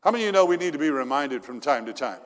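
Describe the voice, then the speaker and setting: A man's voice: fairly high pitch, expressive, racing, in a large hall. A male pastor preaching a sermon in a church, telling folksy stories and asking the congregation questions. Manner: folksy storytelling with fillers and crowd questions.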